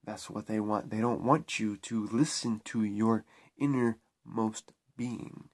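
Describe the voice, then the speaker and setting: A man's voice: fairly low pitch, fairly even intonation, slow pace, darkish tone. A man talking to camera in a spiritual vlog, preaching in a repetitive, emphatic way with frequent restarts. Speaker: spiritual vlogger.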